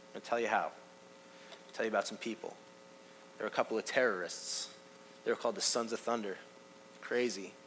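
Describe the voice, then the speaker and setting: A man preaching a sermon in a conversational way, talking straight to the congregation and swinging from loud emphasis to hushed asides. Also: mid-range voice. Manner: conversational, addresses the congregation directly. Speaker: pastor.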